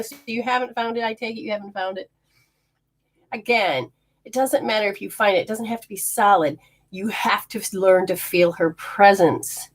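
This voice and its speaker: A woman hosting a casual live spirit reading, rambling, laughing often and acting out what the spirits say. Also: lowish voice. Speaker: spiritual healer and medium.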